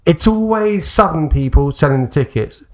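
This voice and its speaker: A man's voice: on the high side, lively intonation, moderate pace. Chatty man, lots of laughter. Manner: chatty, laughs a lot, puts on voices for anecdotes. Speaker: podcast co-host. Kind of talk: casual chat.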